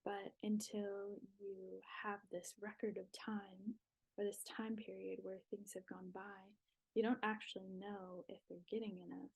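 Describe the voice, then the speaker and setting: A young woman, a podcast guest, talking in a relaxed, reflective way about faith and new motherhood. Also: medium pitch, unhurried, creaky, husky, rough recording. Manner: reflective, talks with her hands. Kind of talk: casual faith talk.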